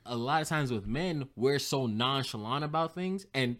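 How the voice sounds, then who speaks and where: A man's voice: mid-range voice, normal speed. A man speaking in a casual group talk, telling stories and acting out both sides of conversations. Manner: animated storytelling, acts out both sides of texts.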